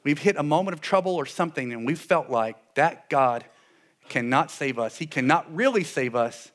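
A man preaching a sermon in an animated way, with sarcastic asides, dropping his voice low for solemn points. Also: normal speed. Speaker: pastor.

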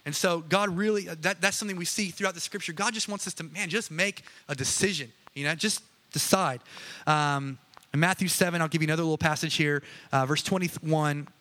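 A man's voice: a little high, a little fast, bright, forceful tone. A man preaching a casual, conversational sermon, chatty and joking with many asides. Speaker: pastor.

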